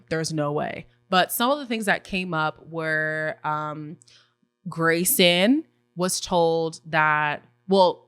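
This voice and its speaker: A woman hosting a casual recap podcast, opinionated and animated, often acting out what others said. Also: low voice, smooth, no room sound, clean studio sound. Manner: opinionated, animated, acts out quotes in voices. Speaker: podcast host recapping a reality show.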